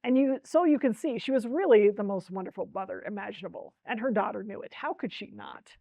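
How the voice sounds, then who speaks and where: A woman's voice: medium pitch, animated, brisk, no room sound, dull audio. A woman presenting a book talk, reading a storybook aloud with expression and speaking directly to her listeners. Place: library talk.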